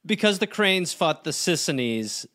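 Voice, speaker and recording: A man co-hosting a comedy podcast, firing off quick jokes and reactions in casual banter. His voice is bright and a little high, and his pitch swoops widely from line to line. He laughs often and slips into playful voices. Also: very animated. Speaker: podcast co-host.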